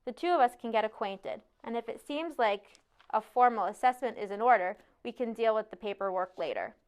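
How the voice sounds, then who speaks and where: A woman's voice: a little high, animated, fairly quick, smooth, lightly acted. A woman voicing a kindly older female teacher offering to help. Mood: friendly.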